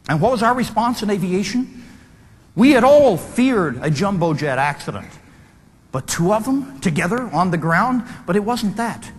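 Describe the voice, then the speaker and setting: A man's voice: high voice, slightly rough. A man giving a dramatic storytelling lecture to an audience, vividly acting out the voices he quotes. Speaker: speaker. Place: large hall before an audience. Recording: long hall reverb, faint room noise.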